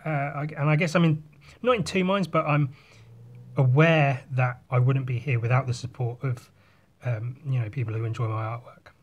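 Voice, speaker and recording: A man's voice: medium pitch, fairly even intonation, normal speed, muffled recording. A man in casual chat while drawing, rambling through a story and swearing often. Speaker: artist.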